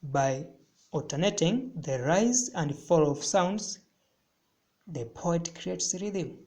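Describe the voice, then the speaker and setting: In a recorded literature lesson, a man explains things slowly and deliberately, repeating phrases to stress them. His voice sits somewhat high and has a slightly mellow quality.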